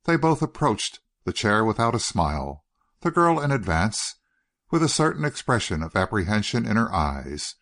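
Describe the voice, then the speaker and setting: A man narrating an audiobook in a measured, expressive manner. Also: on the low side. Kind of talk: scripted narration.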